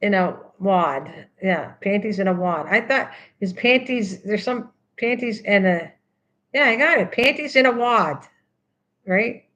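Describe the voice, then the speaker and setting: A woman's voice: medium pitch, measured pace, a bit bright, rough recording. An older woman hosting a craft video, chatting casually and teasingly, repeating words over and over while she works.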